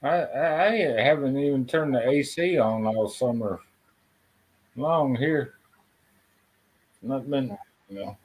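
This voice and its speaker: A man's voice: medium pitch, takes it slowly, pauses often, slightly rough, poor audio. A man hosting a casual chat, folksy and self-deprecating, with casual swearing.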